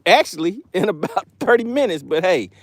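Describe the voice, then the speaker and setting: A man hosting a fishing live stream outdoors, reading viewers' chat aloud in a playful, excitable way and laughing often. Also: high-pitched, brisk, no room sound. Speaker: fishing channel host.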